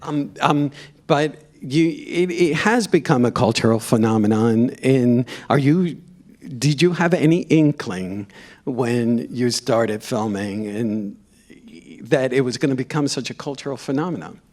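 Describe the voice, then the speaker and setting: A man's voice: medium pitch, lively intonation, darkish tone. A man moderating a live on-stage Q&A, asking questions with frequent restarts. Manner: halting, restarts questions often. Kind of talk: on-stage Q&A interviewing.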